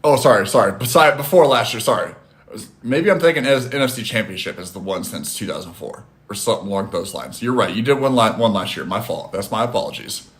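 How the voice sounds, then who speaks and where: Animated man chatting on a phone stream. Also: fairly low pitch, quick pace. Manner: animated, reads chat aloud, swears casually. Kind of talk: casual live-stream chat.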